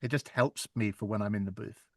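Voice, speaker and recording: A man, an audiobook narrator chatting in an interview, telling stories in a lively, animated way. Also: on the low side, brisk, no room sound, clean studio sound. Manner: chatty, animated storytelling with laughs. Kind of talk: casual interview chat.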